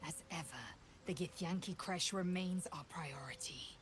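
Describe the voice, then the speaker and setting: An actress voicing a cold, commanding unseen woman in a video game, stern and low-voiced. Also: normal speed, a little hiss or hum, natural voice.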